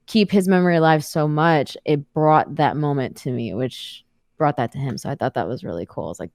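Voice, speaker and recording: Chatty woman guest, low and dry. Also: no echo. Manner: chatty, many "like" fillers, animated retelling. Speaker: guest, professional wrestler. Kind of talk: casual storytelling interview.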